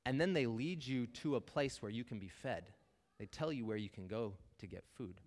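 A man delivers a sermon directly to his listeners, emphatic yet conversational, addressing them as "you guys." He has a mid-range, slightly mellow voice at a moderate pace, heard through long hall reverb.

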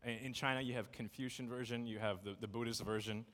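A man in his thirties giving a casual, jokey sermon to a congregation, telling stories in a lively, conversational way. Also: medium pitch, quick pace. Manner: conversational, jokey, animated storytelling. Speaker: preacher. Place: church sanctuary. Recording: long reverb of a church hall.

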